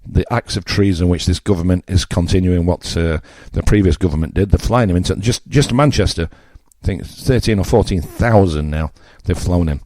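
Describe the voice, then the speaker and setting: A man's voice: low voice, normal speed, hardly any pauses, dark tone, dry recording, clean studio sound. A man in his sixties from England with a Yorkshire accent, presenting a radio show in a blunt, mocking, conversational monologue with asides. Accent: Yorkshire English.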